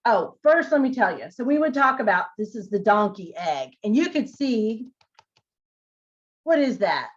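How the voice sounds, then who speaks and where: A woman teacher and former librarian giving chatty, expressive tips on reading aloud to children. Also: fairly high pitch, unhurried. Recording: dull lo-fi audio.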